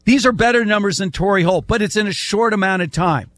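A man's voice: high voice, fast, fairly bright tone. An older man hosting a casual sports debate, making emphatic points and reeling off statistics. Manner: emphatic, lists stats at length. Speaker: sports talk host.

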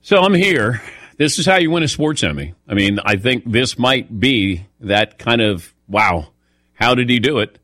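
A man's voice: mid-range voice, animated, measured pace, fairly bright tone, no echo, studio quality. A man hosting a sports radio show, telling a self-mocking story in casual chat while a little lightheaded.

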